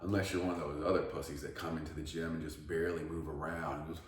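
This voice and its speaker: A man's voice: a bass voice, little pitch movement, fast talker, few pauses. A man giving a blunt, profane motivational rant about working out, swearing a lot and repeating himself. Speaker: fitness vlogger. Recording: echoey room, voice far from mic.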